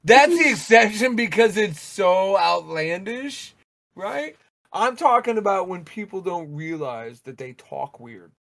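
A married man on a casual podcast, ranting in animated bursts and swearing freely. His voice sits a bit high for a man. The recording is dry and close. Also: unhurried, gravelly, no echo. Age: adult, married. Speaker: podcast co-host.

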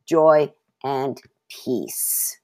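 A woman's voice: rumbling low, drawn-out words, a little mellow. A woman giving a devotional Bible teaching, mixing scripture reading with her own testimony and repeating key phrases for emphasis.

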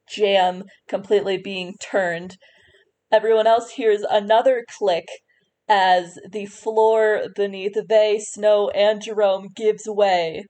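A woman's voice: mid-range voice, a little mellow. A woman running a tabletop game as game master, narrating scenes with fillers and restarts.

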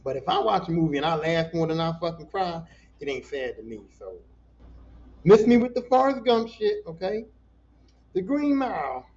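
A man hosting a casual solo podcast, ranting in an animated, profane way and talking back to his listeners. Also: a little high, moderate pace, muffled recording. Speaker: podcast host.

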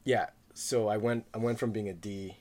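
A man in his twenties who grew up in the Philippines chats casually in a loose, profane way, using lots of filler words and laughing frequently. His voice is lowish and darkish, with fairly even intonation and a moderate pace.

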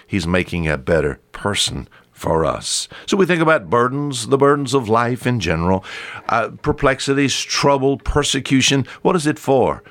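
A man's voice: medium pitch, very animated, moderate pace. A man preaching a radio sermon, emphatic, asking rhetorical questions and drawing out key words.

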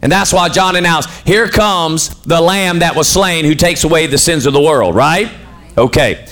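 A man's voice: fairly high pitch, normal speed, a bit bright. A man preaching a sermon as pastor, putting questions to his congregation and waiting for them to answer.

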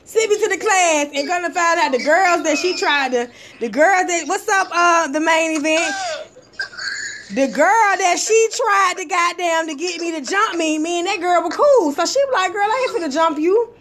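A woman telling a rough childhood story in casual chat, swearing freely and acting out what people said. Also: extremely high pitch, moderate pace, crowd noise. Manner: profane, animated, acts out quotes.

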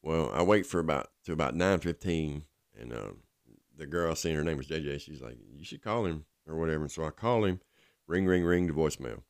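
A man's voice: a bass voice, a little fast, clear, resonant tone, no echo, clean studio sound. A man with a Southern US accent telling a personal story in a candid, plain-spoken, rambling way.

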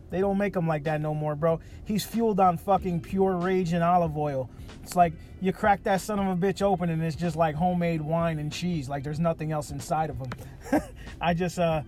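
A man's voice: high voice, a little mellow. A man hosting a podcast, talking in a casual monologue that is profane, jokey and ranting. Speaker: podcast host.

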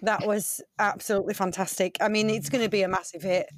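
A woman's voice: medium pitch, steady tone, quick pace, no echo, clean studio sound. A woman hosting an improv comedy show and setting up the games in an upbeat way.

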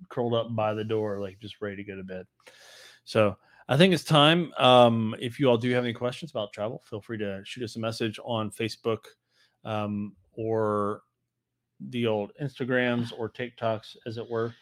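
A man hosting a podcast, easygoing and relaxed, with lots of "um" and quick agreement. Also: fairly low pitch. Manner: easygoing, affirming, many ums. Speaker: podcast host. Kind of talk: casual chat.

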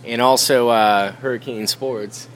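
A man's voice: medium pitch, steady tone, measured pace, slight background noise. A man co-hosting a podcast in casual banter, riffing jokes and talking sports. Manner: joking, riffing, sports-fan talk.

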